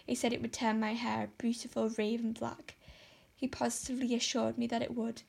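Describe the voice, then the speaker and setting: A woman's voice: fairly high pitch, flat delivery, a little fast, gravelly, darkish tone. A woman voicing a dramatic, despairing young orphan girl who pleads and exaggerates. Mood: pleading. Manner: melodramatic, pleading.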